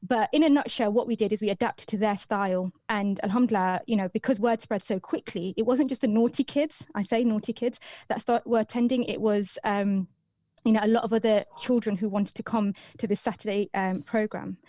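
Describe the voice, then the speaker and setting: A woman's voice: medium pitch, steady tone, brisk, warm tone, dry recording. A young woman from Leicester, a radio guest telling her story in a chatty way with many ums. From Leicester, England. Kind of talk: interview answers.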